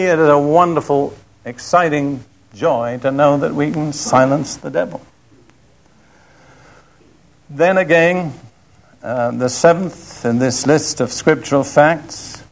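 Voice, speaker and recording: An older man preaching a sermon, reading scripture in a slow, deliberate and emphatic way. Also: mid-range voice, vocal fry.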